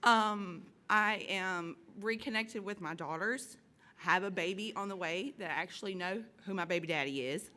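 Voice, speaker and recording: A woman's voice: medium pitch, normal speed, sharp tone, a little hiss or hum. A woman from Alabama giving a candid, emotional campaign speech close to tears at a podium in a convention hall. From Alabama, USA. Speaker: campaign speaker.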